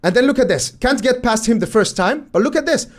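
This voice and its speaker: Emphatic high-voiced football pundit man. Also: lively intonation, brisk. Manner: emphatic, exasperated rhetorical questions. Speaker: football analysis host. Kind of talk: commentary over match footage.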